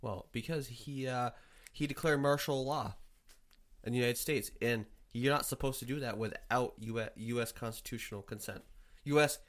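A man's voice: mid-range voice, moderate pace, fairly bright tone. A man holds forth on a history topic in an informal podcast. He talks bluntly with firm opinions, sometimes stumbling over his words. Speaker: podcast co-host. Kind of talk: casual chat.

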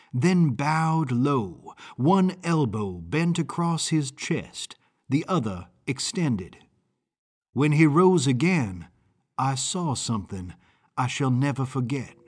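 Man, audiobook narrator, husky voice, slow deliberate storytelling. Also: on the high side. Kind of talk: first-person audiobook narration.

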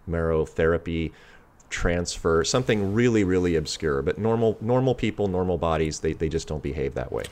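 A man's voice: deep voice, lively intonation, fairly quick, a little mellow. A man who is a physician, speaking as a talk-show guest and pressing each point with firm emphasis. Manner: emphatic and insistent, stressing key words.

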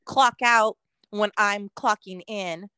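A woman's voice: medium pitch, fairly even intonation, slow pace, pushed and bright, clean tone, dry recording. A woman co-hosting a podcast in casual chat, venting grumpily about work with frequent swearing and laughter. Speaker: podcast co-host.

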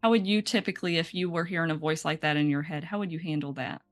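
A woman's voice: low voice, fast. Earnest woman host, faint music behind. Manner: earnest, open and personal. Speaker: podcast host. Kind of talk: casual podcast conversation.

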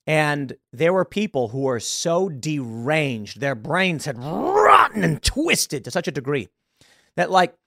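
A man's voice: fairly high pitch, sing-song, takes it slowly, gravelly, bright, forceful tone, no echo, clean studio sound. A man hosting a podcast, delivering an exasperated opinion rant with frequent laughs and repeated words. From United States. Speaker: podcast host.

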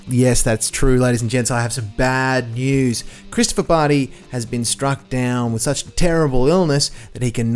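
A man's voice: mid-range voice, clean tone. A man hosting a comedy podcast alone, in a jokey, rambling, self-deprecating way. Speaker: podcast host. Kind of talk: casual comedy podcast chat.

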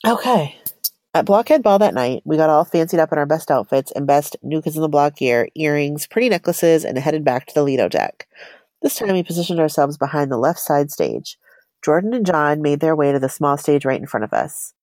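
Low-voiced woman reading her story aloud. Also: animated, a little fast, darkish tone, no echo. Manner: giggly, chatty storyteller.

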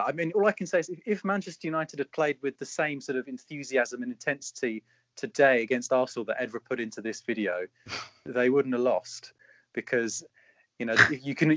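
A man's voice: medium pitch, dry recording. A man, a podcast co-host, telling a story in a rambling, hesitant, amused way. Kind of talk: casual storytelling chat. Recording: dry, slightly dull sound.

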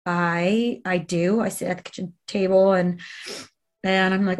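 A woman's voice: lowish voice, flat delivery, unhurried. A woman telling an emotional personal story in an interview, earnest and conversational, with fillers and restarts.

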